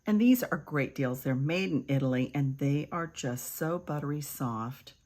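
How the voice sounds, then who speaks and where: An older woman giving a chatty makeup tutorial, calling her viewers "kids" and sometimes dropping to a soft murmur. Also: sits low, expressive, normal speed. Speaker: beauty vlogger.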